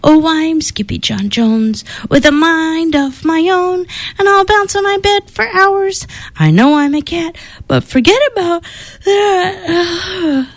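A woman voicing a boastful kitten who poses as a Chihuahua sword fighter, with high, excitable, playful bravado, reading a children's storybook. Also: slow pace, full character voice. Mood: singsong. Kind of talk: children's storybook read-aloud.

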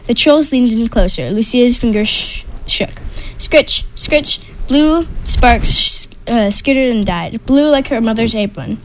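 A woman reading a picture book aloud, expressive, with small slips. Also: a little high, rough recording. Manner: expressive, with sound effects. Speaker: storyteller.

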